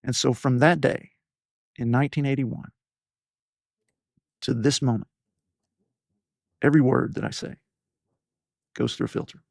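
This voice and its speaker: A man in his fifties from East Tennessee, opening up about his past as the guest of an interview. He rambles reflectively, circling back with fillers and restarts, at an average pitch for a man. The recording is dry and close, with no room sound. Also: steady tone, a little slow, long pauses, a little mellow, no echo. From East Tennessee, USA. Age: 50s. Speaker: leadership podcast host as guest. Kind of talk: personal storytelling interview.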